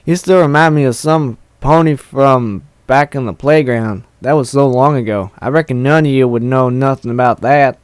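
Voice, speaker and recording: A man's voice: medium pitch, clear, resonant tone, no echo, close to an everyday voice. A man reading the lines of a forgetful, rambling old grandmother pony in a game let's play, without putting on an old voice. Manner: slow, rambling.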